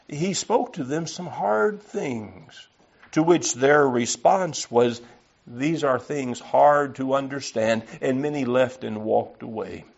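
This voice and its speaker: A man's voice: medium pitch, vocal fry. A man preaching an earnest, emphatic sermon and reading scripture aloud. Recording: slightly dull lo-fi recording.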